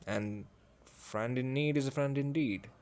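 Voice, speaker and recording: A man's voice: medium pitch, measured pace, darkish tone, lightly acted. A man voicing a loyal young angel bodyguard in a storybook reading, talking casually and stubbornly to his friend.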